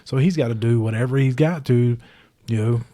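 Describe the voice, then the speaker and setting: A man's voice: medium pitch, a little fast, warm tone. A man co-hosting a podcast in casual chat, blunt and full of curses, with short retorts. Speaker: podcast co-host.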